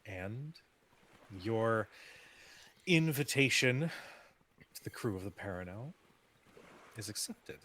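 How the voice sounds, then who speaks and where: A man's voice: lowish voice, lively intonation, slow, pauses often, fairly bright tone, slight background noise. A man narrating as game master of a tabletop game, loose and laughing often.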